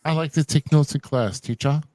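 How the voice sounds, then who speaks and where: A man's voice: fairly high pitch, normal speed, dark tone, no echo. A man co-hosting a casual wrestling recap podcast, loose and joking, calling people bro and dude. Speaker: podcast co-host.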